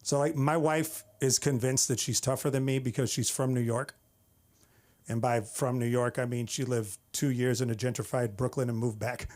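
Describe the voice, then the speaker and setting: A man's voice: medium pitch, fairly even intonation, normal speed, darkish tone. A man from the Bay Area, doing a wry, exasperated open-mic stand-up set on a comedy club stage. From San Francisco Bay Area. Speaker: stand-up comic.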